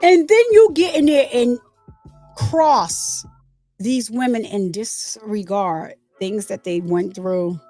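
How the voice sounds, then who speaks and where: A woman with a high voice hosts a casual commentary, retelling events with plenty of animation. She acts out what the crowds shouted and speaks with open indignation. Faint music plays behind her. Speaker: commentary channel host.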